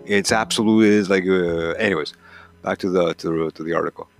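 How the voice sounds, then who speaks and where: A man's voice: low voice, quick pace, soft background music. A man hosting a hockey talk show, ranting in a profane, heated, rambling way. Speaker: hockey podcast host. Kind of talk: casual rant, reading a column aloud.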